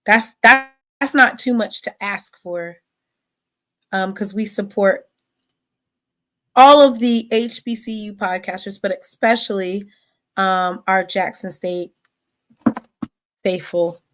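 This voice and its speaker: A woman's voice: mid-range voice, slow, pauses often, fairly bright tone. A woman hosting a casual sports livestream, reading off player stats with plenty of fillers and a rambling, friendly manner. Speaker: podcast host.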